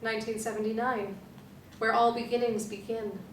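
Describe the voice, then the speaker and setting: A woman voicing a sad, gentle grand male talking tree in a storybook reading, speaking quietly and reflectively. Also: fairly high pitch, little pitch movement, moderate pace, lightly acted. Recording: echoey room, distant mic, faint hum.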